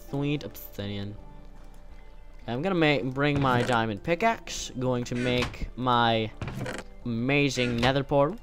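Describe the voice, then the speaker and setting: Playing a game on video, a young man offers casual, rambling let's-play commentary aimed at himself and the game, his voice often cracking. The voice sits mid-range with a fairly bright tone.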